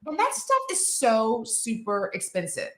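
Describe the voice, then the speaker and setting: A woman's voice: fairly high pitch, huge pitch swings, unhurried, roomy sound. A woman talking as a guest expert on a live TV segment, chatty and emphatic, with many fillers. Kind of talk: casual TV segment demo.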